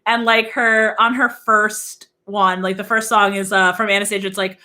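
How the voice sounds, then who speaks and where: A young woman, a music teacher and guest, chatting excitedly on a video call. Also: moderate pace, hardly any pauses. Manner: chatty, excitable, breaks into sung and squeaky bits. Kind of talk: casual interview chat.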